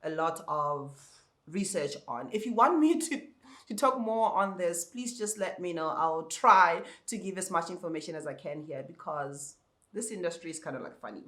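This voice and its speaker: A man with an African accent and a high, soprano-like voice talks straight to his viewers. He gives casual advice as an ESL teacher, restarting and repeating words as he goes. The room around him is echoey. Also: lively intonation, normal speed, sharp tone.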